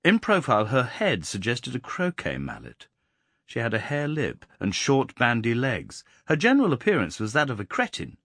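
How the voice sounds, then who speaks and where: A man narrating a novel in the first person, in a measured, expressive reading. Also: medium pitch, no room sound, clean studio sound. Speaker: audiobook narrator.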